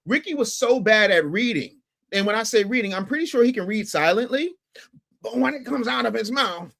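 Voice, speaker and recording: Emphatic man with a high gravelly voice. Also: fairly quick. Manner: animated, emphatic, repeats words and stumbles when worked up; stutters at times. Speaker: host. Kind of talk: casual livestream commentary.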